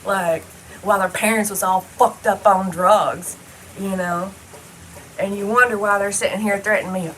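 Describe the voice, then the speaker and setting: A woman's voice: mid-range voice, fairly even intonation, moderate pace, a bit bright, a little hiss or hum, rough recording. A woman talking straight to the camera in a casual personal monologue, blunt and heavily profane, rambling loosely from one thought to the next. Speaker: vlogger.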